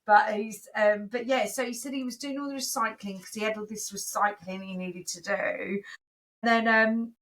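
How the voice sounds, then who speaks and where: A woman, co-hosting a casual podcast chat and animatedly acting out a story, switching into loud, high voices for the people in it. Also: fairly even intonation. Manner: acts out voices of her crying kids and herself, gets loud and fast. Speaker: podcast co-host.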